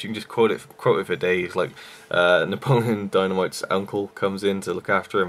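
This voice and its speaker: A man's voice: low-pitched, expressive, fast, creaky, a bit bright, a little hiss or hum. A young man reviewing a film in a rambling, enthusiastic way with many fillers. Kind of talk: casual vlog review.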